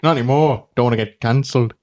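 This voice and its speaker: A man playing a famous older comedian in a comedy podcast bit. He stays deadpan and flippant, with a voice at a middle pitch for a man. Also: fast talker, close to an everyday voice. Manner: deadpan, flippant jokes delivered in character.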